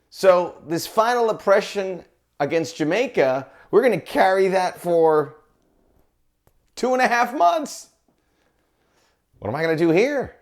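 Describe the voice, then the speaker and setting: Animated chatty male soccer broadcaster. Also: high voice. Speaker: soccer broadcaster and podcast host. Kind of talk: casual video monologue.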